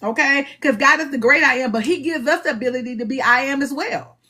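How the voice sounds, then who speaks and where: A woman hosting a live book discussion, animated and preachy, acting out little dialogues as she goes. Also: sits high, quick pace. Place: live online stream.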